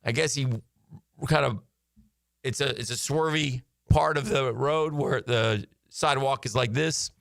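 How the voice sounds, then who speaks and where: Man, radio co-host, animated storyteller, bright voice, dry studio sound. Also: mid-range voice, a little slow, creaky, no room sound. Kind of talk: casual storytelling chat.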